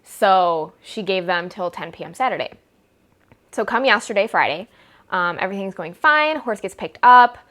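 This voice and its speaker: A woman's voice: medium pitch, animated, moderate pace, fairly bright tone. A young woman vlogging a casual storytime, rambling and exasperated, with wry sarcasm.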